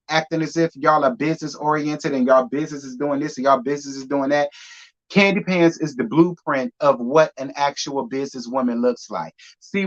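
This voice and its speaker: A man's voice: fairly high pitch, a bit bright. A man, giving sassy, emphatic commentary on reality TV. He drives his points home by repeating them. The audio is muffled and lo-fi. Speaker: reality TV recap host. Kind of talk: live review commentary.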